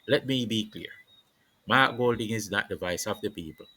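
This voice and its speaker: A man's voice: fairly low pitch, normal speed, pushed and bright, no room sound, poor audio. A man delivering an impassioned political monologue with a preaching, declamatory cadence and repeated phrases. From Jamaica. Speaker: political commentator.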